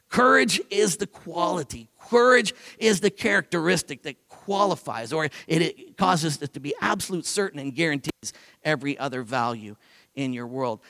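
High-voiced preacher booming in a hall. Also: male voice. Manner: animated, swinging from low asides to loud declarations. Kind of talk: sermon. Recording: long hall reverb.

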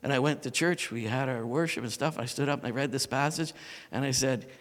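A middle-aged male pastor preaching a sermon and telling a story, moving between loud proclaiming and hushed intensity. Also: medium pitch, fairly quick. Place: church sanctuary. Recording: long reverb of a church hall.

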